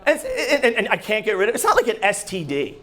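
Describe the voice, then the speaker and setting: A man's voice: high-pitched, wildly swooping pitch, fast, sharp tone, slight background noise. A man doing a stand-up comedy set on a club stage, profane and exasperated, delivering punchy bits. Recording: live club with audience laughter.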